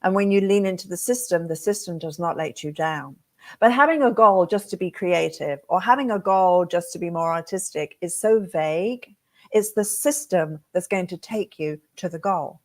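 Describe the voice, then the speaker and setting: A woman from England, a hair design educator giving a motivational talk as an animated storyteller who acts out her own thoughts. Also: medium pitch.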